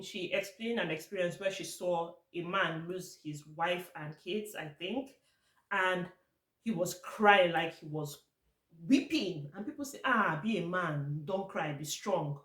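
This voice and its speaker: A woman's voice: mid-range voice, unhurried, a bit bright, echoey room. A Nigerian woman vlogging to camera in a casual, blunt and exasperated way, slipping into Pidgin now and then.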